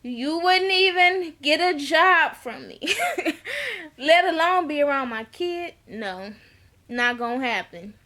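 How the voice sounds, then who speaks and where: A high, bright-voiced woman talking through a reality show episode in a relaxed, unhurried way. She is blunt and chatty, swears freely and slips into the voices of the people she quotes. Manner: chatty, acts out quoted dialogue, laughs often. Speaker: TV recap vlogger. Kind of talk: casual reality-show recap.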